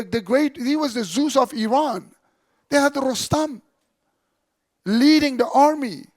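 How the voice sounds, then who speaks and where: High-voiced man telling a sermon story. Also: dry recording. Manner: animated storyteller, quotes figures in dropped voice. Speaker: Islamic lecturer. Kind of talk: storytelling religious talk.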